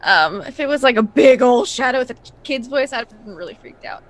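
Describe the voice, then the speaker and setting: A woman's voice: a little high, lively intonation, fairly quick. A woman playing in a tabletop horror game, chatty and giggly with lots of hesitation. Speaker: player. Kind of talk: casual tabletop play.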